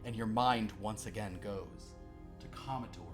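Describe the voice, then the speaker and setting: A man's voice: lowish voice, measured pace, music in the background. A man narrating a tabletop role-playing game as game master, playful and rambling with frequent restarts. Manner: playful, rambling, self-correcting.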